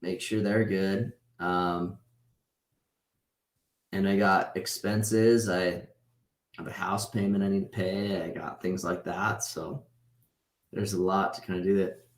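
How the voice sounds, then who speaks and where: A thirtysomething man gives a casual online lecture over video call, his low voice showing little pitch movement. He speaks slowly with long pauses, loosely and conversationally, checking in by tagging points with "right?". The sound is echoey and roomy.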